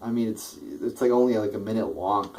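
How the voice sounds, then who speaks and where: A man's voice: fairly low pitch, a little fast, a little mellow, a little hiss or hum, rough recording. A man delivering a blunt, profane political rant, rambling with many restarts. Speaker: political vlogger.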